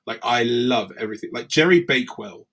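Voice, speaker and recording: A wrestler tells stories on a podcast, animated and acting out what others said. His voice is husky at a middling male pitch. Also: fairly quick. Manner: animated storyteller, acts out quotes. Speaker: wrestler guest. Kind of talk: casual interview storytelling.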